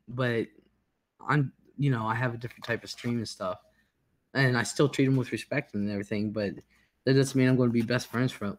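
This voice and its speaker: Calm, reassuring male stream host. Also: mid-range voice. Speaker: livestream host. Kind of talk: casual supportive chat.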